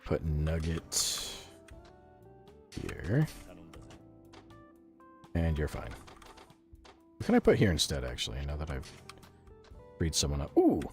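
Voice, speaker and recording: A man's voice: extremely low pitch, huge pitch swings, slow, pauses often, darkish tone, soft background music. A man from the United States streaming a video game, chatting casually, laughing often, swearing freely and answering his chat. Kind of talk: casual live gameplay commentary.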